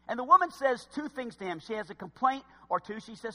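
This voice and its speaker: A man preaching a sermon and retelling a scripture story, swinging from loud bursts to hushed asides. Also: high voice, sing-song, brisk, hardly any pauses, big-room sound.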